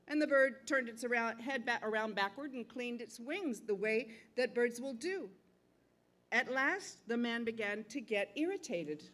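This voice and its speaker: A middle-aged woman storyteller telling a folktale live in a museum theater, with dramatic, expressive delivery. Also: on the high side, normal speed. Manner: expressive, dramatic shifts between calm and loud.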